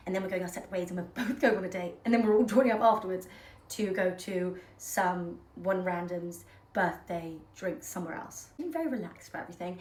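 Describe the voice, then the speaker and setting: A woman's voice: on the low side, darkish tone, distant mic, slight background noise. Chatty young woman in an echoey room. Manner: candid, chatty, self-mocking. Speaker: vlogger. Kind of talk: casual get-ready-with-me chat.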